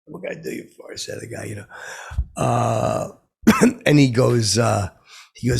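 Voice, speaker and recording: On his own podcast, a man whose gravelly, raspy voice sits on the low side rambles through boastful, comic stories at a moderate pace, leaning on plenty of fillers.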